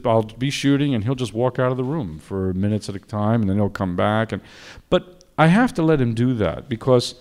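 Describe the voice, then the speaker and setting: A man's voice: mid-range voice, a little mellow. Male film director, interview, anecdotal, self-deprecating, restarts sentences often. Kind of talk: interview conversation.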